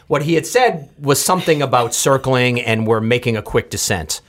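A man's voice: medium pitch, lively intonation, moderate pace, fairly bright tone. A man telling a funny story as a podcast guest, laughing at himself. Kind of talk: casual podcast chat, storytelling.

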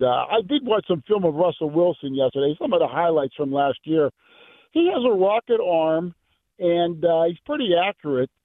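A man's voice: a little high, dry recording. Rambling male caller on a tinny phone line. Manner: rambling, hesitant, many fillers. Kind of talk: call-in radio chat. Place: in a car.

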